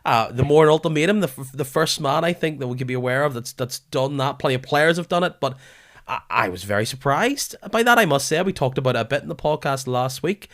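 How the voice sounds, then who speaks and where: A man hosting a football podcast, his voice weary from a lingering illness, keen but halting at times. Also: medium pitch, lively intonation, a bit bright. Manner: enthusiastic, with halting restarts. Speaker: podcast host. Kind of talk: casual football podcast chat.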